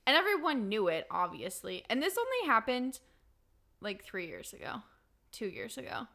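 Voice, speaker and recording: A woman's voice: on the high side, sing-song, moderate pace, vocal fry, sharp tone. A young woman from Wisconsin, co-hosting a podcast and telling candid stories with frequent laughs. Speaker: podcast co-host. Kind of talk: casual chat.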